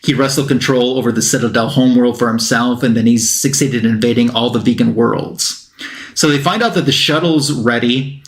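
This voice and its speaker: A man's voice: mid-range voice, a little fast. Man recapping a story in a roomy room. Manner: rambling retelling with fillers and acted-out quotes. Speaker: comic book show panelist. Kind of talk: casual plot recap.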